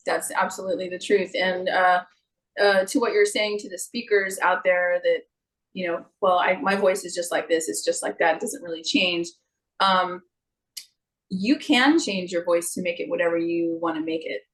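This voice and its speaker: A woman's voice: on the low side, normal speed, rough recording. A middle-aged woman, a singer and vocal coach, chatting as an interview guest and slipping into playful voices to make her points. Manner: expressive, jumps into playful character voices. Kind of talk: casual interview chat.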